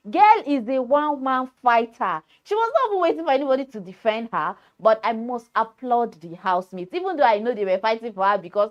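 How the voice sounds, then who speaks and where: A woman's voice: a little high, animated, fairly quick, dull audio. A woman with a Nigerian accent hosting a reality-show recap, talking emphatically and repeating points for effect. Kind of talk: opinionated entertainment commentary.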